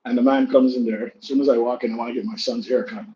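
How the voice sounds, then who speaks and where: A man chatting casually on a livestream, an animated storyteller who gets loud and high-pitched when he reenacts arguments. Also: fast. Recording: slightly dull sound with faint background noise.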